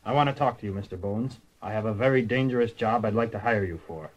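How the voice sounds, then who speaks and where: A man's voice: on the low side, quick pace, close to an everyday voice, rough recording. An actor playing a stern, impatient elderly man who wants to hire a detective in a radio comedy. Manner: stiff, impatient, formal. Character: stern elderly male rich client.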